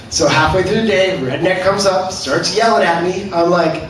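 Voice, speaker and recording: A man's voice: sits high, a bit bright. Canadian male stand-up, profane and brash; heavy room echo, audible crowd noise. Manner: brash, profane storytelling with quick asides. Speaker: stand-up comedian. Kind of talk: stand-up comedy set. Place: comedy club stage. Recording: echoey club, far from mic, audience noise. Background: audience laughter.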